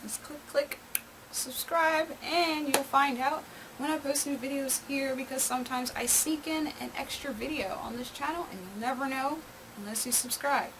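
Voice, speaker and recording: A woman's voice: high-pitched, normal speed, noisy background. A woman hosting her own movie review channel, chatty and openly sarcastic. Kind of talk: casual video review.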